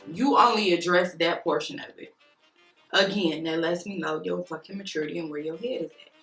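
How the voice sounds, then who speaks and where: A woman's voice: lowish voice, a little fast, gravelly, a bit bright. A woman vlogger telling a story while doing her makeup, venting in a heated, profane, emphatic way. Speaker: beauty vlogger. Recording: roomy room with faint music.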